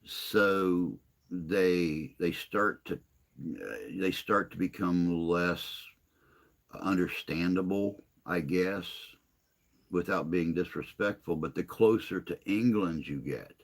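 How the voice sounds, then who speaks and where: A man hosting a casual livestream chat, answering viewer comments in a rambling, hesitant way with long pauses. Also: sits low. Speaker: livestream host.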